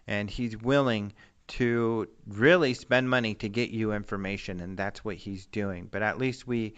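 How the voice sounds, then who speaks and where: A man's voice: medium pitch, sharp tone, clear, resonant tone, highs cut off. A young man hosting a radio show, signing off in a rambling, joking, self-deprecating way. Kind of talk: casual radio sign-off chat.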